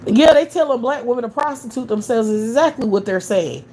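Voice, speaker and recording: A woman's voice: a little high, lively intonation, brisk, mellow, a little hiss or hum. A woman hosting a livestream, ranting in blunt, profane commentary and firing off scornful rhetorical questions. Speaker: livestream host.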